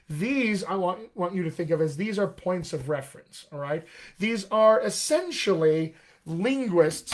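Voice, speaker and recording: A man teaching accents and vowels as a dialect coach in a live online lesson, explaining patiently and often checking in with "all right?". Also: on the high side.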